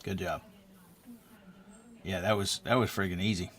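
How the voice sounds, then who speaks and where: A man hosting a live stream, chatting casually, plain-spoken and quick to joke and laugh. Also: low-pitched, fairly even intonation, fairly bright tone, slight background noise. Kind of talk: casual chat.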